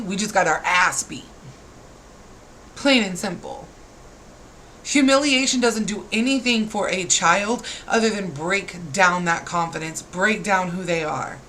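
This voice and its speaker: A woman's voice: mid-range voice, a bit bright, slight background noise, rough recording. Exasperated woman ranting to camera. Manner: exasperated, scolding, rhetorical questions. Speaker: parent venting on camera. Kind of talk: heated rant to camera.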